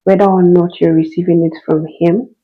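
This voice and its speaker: A woman's voice: on the low side, level tone, moderate pace, husky, lo-fi sound. A woman hosting and speaking with earnest emotion, repeating phrases for emphasis. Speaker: host reading and responding to a listener's story. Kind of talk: heartfelt spoken reflection.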